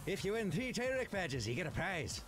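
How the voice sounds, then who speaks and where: Game booth barker, high lilting voice, fake Irish lilt, cheery patter over fairground music. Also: male voice, sing-song, brisk, a bit bright. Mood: upbeat. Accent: put-on Irish.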